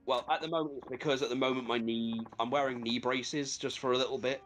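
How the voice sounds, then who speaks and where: A man's voice: mid-range voice, quick pace, faint music behind. A man hosting a gaming stream, chatting casually, telling stories with lots of swearing and laughter. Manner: animated storyteller, swears and laughs often. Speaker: gaming channel host. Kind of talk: casual chat while playing a video game.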